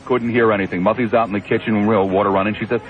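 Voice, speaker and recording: A man's voice: lowish voice, fairly even intonation, fast talker. A man hosting a call-in radio talk show, wry and rambling, teasing callers and his studio audience. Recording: dull AM radio broadcast with faint hiss.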